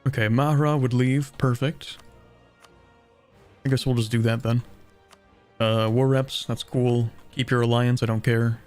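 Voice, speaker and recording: A man's voice: medium pitch, fairly even intonation, unhurried, long pauses, a little mellow, faint music behind. Southern Ontario man chatting while gaming. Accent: Canadian (southern Ontario). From southern Ontario, Canada. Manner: chatty, self-deprecating, thinks aloud. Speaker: game streamer. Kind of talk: casual gameplay commentary, reading chat.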